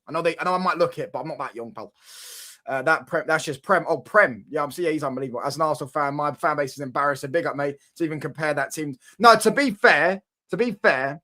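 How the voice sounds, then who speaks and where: A young man with a London accent, chatting excitedly about football with his stream viewers. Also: a little high. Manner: excitable banter, quick bursts of emphasis. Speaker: livestream host. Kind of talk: casual football chat with viewers.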